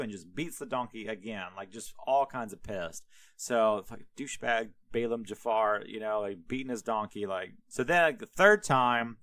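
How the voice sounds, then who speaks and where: A man's voice: on the low side, lively intonation, moderate pace, fairly bright tone, no room sound. Rambling casual storyteller man. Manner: rambling, filler-heavy, profane. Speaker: podcast host. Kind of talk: casual comic retelling.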